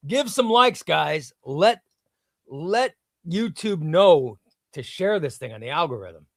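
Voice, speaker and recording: A man hosting a comics livestream, talking loosely and reading viewer comments off the screen. His voice sits a touch high for a man. The sound is dry and close, with no room around it. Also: expressive, slow, creaky, no echo. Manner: chatty, reads viewer comments aloud; hypes sponsor in a shouted ad read. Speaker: livestream host. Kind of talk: casual livestream chat.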